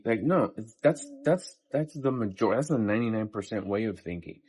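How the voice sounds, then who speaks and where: A man's voice: on the low side, animated, moderate pace, hardly any pauses, darkish tone, husky. Blunt, profane man in his fifties. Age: 50s. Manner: blunt, profane and pep-talking. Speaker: vlogger. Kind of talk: casual motivational monologue.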